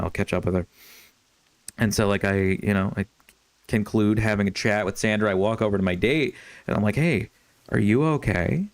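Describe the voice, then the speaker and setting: A man's voice: fairly low pitch, clean tone, dry recording. A young man streaming a game and telling a long story in a rambling, profane way, with lots of fillers and restarts. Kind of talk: casual storytelling while gaming.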